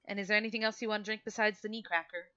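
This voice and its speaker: A woman's voice: medium pitch, steady tone, racing, bright, forceful tone, clean tone, pitched above the performer's own voice, lightly acted. A woman voicing a curt woman who runs a family tavern, speaking in a businesslike way. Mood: brisk. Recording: dull lo-fi audio.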